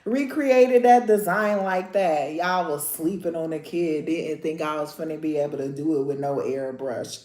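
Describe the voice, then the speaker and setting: A woman in a casual nail vlog, talking in an excitable, slangy way. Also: fairly low pitch, a little slow, hardly any pauses. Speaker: nail vlogger. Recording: roomy, echoey home recording.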